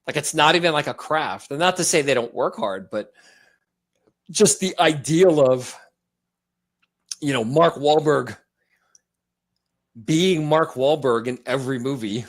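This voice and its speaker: A slightly hoarse man co-hosting a movie podcast, rambling and joking in casual chat. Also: on the high side, animated, moderate pace. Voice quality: rambling, joking, laughs often. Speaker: podcast co-host.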